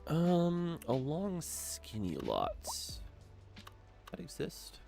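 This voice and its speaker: A man with a stuffed-up nose giving casual gameplay commentary, thinking aloud in a relaxed way. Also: on the high side, drawn-out words, creaky, faint music behind. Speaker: game streamer.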